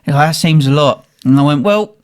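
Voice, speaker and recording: A man's voice: a little high, a little fast. A man co-hosting a podcast, telling rowdy stories in casual chat, laughing often and acting out the people he quotes. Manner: animated, laughing, acts out quotes. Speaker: podcast co-host.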